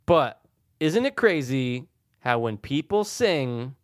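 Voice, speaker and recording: A man's voice: medium pitch, sing-song, slow pace, no room sound, studio quality. A man co-hosting a podcast in casual chat, chatty, full of "dude" and rhetorical questions. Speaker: podcast co-host.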